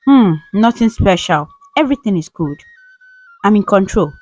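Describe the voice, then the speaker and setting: A woman's voice: mid-range voice, lively intonation, moderate pace, mellow, dry recording, faint music behind, natural voice. A woman voicing a flustered, impatient young man who runs a company, in a storybook reading. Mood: offhand. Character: young male boss, easily stressed.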